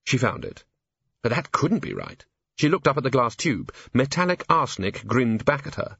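A man with a husky voice giving scripted audiobook narration in a dry, measured manner. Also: medium pitch, animated, sharp tone, no room sound, muffled recording.

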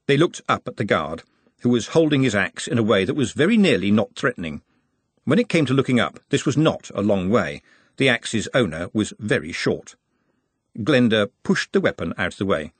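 A man narrating an audiobook in a wry, expressive storytelling manner. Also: fairly low pitch, a little fast, husky, no echo.

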